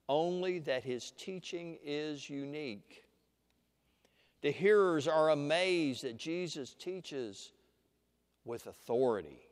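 A man preaching a sermon, teaching slowly and deliberately with dramatic pauses and leading listeners through an imagined scene. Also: a little high. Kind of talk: sermon with guided imagination exercise. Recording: long hall reverb.

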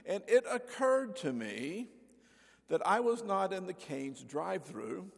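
Folksy older pastor, gravelly voice. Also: male voice, high voice, sing-song, unhurried, long reverb tail. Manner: folksy storyteller, acts out voices. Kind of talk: sermon with anecdotes. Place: church sanctuary.

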